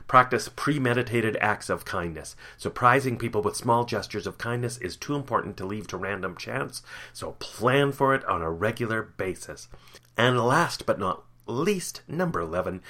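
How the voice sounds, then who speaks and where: Male podcast host, low-pitched, upbeat and jokey, reading scripted workplace tips. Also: bright, forceful tone. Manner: upbeat, playful, jokey delivery.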